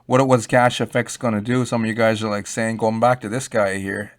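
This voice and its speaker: A man with a fairly low voice talks off the cuff to his viewers and keeps calling them "guys." His delivery is rambling and emphatic, with frequent restarts as he builds his points. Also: level tone, a little fast. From Canada. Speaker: YouTube crypto commentator. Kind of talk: casual unscripted commentary.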